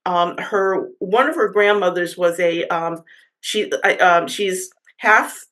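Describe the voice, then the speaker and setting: A woman in a church group telling a personal story in a chatty, halting way, with many fillers and restarts. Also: on the low side, a bit bright, rough recording. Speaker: church member sharing a story. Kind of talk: casual storytelling.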